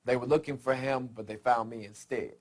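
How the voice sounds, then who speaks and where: A man calmly explaining his side of a story in a documentary interview. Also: medium pitch, a little fast.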